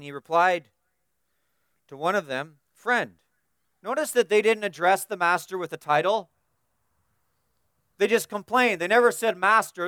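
A man's voice: high voice, pushed and bright, clean tone, no room sound. Male preacher with a resonant voice, dry close sound, builds emphatic repeated lists. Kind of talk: expository sermon.

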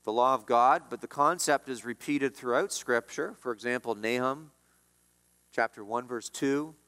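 A man preaching a sermon as pastor, emphatic, his voice swinging between loud rises and quiet drops. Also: normal speed, big-room sound. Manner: emphatic preaching, rising and dropping in pitch and volume.

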